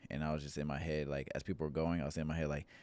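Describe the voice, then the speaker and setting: Very deep-voiced young man, earnest. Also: very fast, clear, resonant tone, no echo. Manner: relaxed, earnest storytelling. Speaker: church member, podcast guest. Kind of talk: casual podcast chat, personal testimony.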